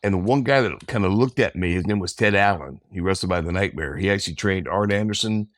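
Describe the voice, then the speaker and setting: Interview guest, man in his fifties, deep voice, loose storyteller, dry recording. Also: fast, dry recording. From American South. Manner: relaxed, rambling, acts out quotes. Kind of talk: casual storytelling.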